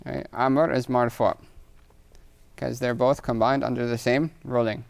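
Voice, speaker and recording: His mid-range voice is gravelly, with little pitch movement and a measured pace. The man is teaching Arabic grammar in a recorded online lesson, explaining patiently, reading Arabic examples aloud, and often asking "right?".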